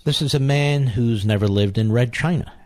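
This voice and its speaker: A man's voice: mid-range voice, normal speed, darkish tone, dry recording. A man hosting a talk radio show, delivering an indignant political monologue with heavy repetition.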